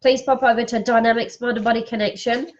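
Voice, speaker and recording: A psychic card reader hosts a live-streamed reading, calling out viewers by name and reading affirmations aloud while sniffling a little. Her fairly high voice is fast with fairly even intonation, and the highs are cut off.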